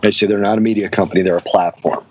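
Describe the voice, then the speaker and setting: A man's voice: on the low side, fairly even intonation, racing, breathy edge, low-quality recording. A man co-hosting an investing podcast who rants with strong opinions in a casual way. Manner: opinionated and ranting. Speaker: podcast co-host.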